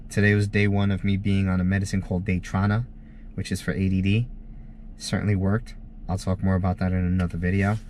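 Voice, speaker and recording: A man with a somewhat low voice speaks to his camera in a personal, confessional vlog. He is earnest and candid, dropping casual swears as he talks. A faint hiss of noise sits under his voice. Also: a little mellow. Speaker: vlogger.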